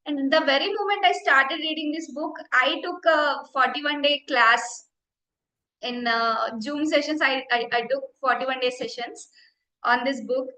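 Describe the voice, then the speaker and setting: Bright-voiced young Indian woman, roomy sound. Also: high-pitched, measured pace. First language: Telugu. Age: young adult. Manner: heartfelt, earnest storytelling. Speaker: meditation teacher. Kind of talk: personal testimony talk. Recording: roomy echo.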